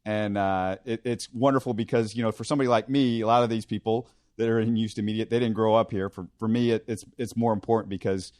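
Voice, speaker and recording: A man's voice: lowish voice, fairly even intonation, quick pace, few pauses, a little mellow, no echo, studio quality. A man hosting a casual sports interview, friendly and admiring, with some restarts. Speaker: podcast host.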